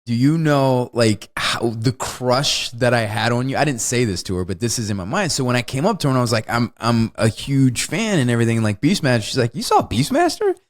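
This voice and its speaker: A man's voice: mid-range voice, expressive, a little fast, few pauses. A man co-hosting a podcast in casual chat, rambling loosely and swearing freely. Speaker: podcast co-host.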